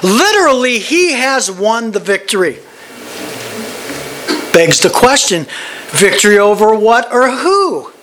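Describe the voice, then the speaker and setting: Male Bible teacher, lively pitch, rambling and repetitive, faint background noise. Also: slow, pauses often. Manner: animated, digressive, restarts and repeats words.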